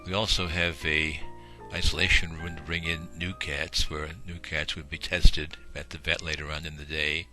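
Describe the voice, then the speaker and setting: A man's voice: rumbling low, flat delivery, normal speed, few pauses. A man narrating a home video of a shelter in a folksy, rambling way, with many fillers. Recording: music playing behind.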